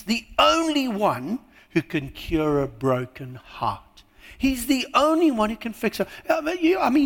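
A man preaching in a church hall, his voice sitting high and swinging widely in pitch. He pushes hard on key words, then sinks to a near hush. A long reverb trails after each phrase. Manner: lively preaching with sudden drops to a hush. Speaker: pastor. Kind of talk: sermon.

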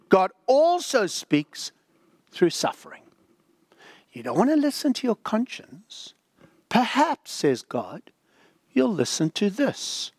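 A man's voice: high-pitched, no echo, studio quality. An older man preaching a sermon, dramatic and emphatic, sometimes dropping to a whisper. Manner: dramatic, drops to a whisper for the inner voice. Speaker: pastor.

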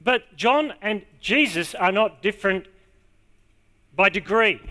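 A man preaching a sermon to a congregation, stressing key words and repeating them slowly. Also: high voice, lively intonation, bright, forceful tone. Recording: long hall reverb.

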